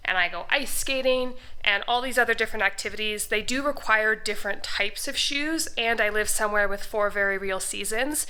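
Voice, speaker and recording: A woman's voice: a little high, pushed and bright, smooth, rough recording. A young woman chatting casually in a decluttering vlog, laughing often and a little out of breath. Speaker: vlogger.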